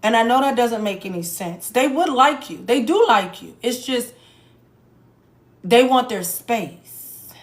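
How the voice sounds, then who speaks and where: A woman's voice: a little high, animated, a little slow, pauses often. A woman giving a casual tarot reading to her viewers, blunt and profane, with joking asides. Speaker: tarot reader. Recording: echoey room with faint noise.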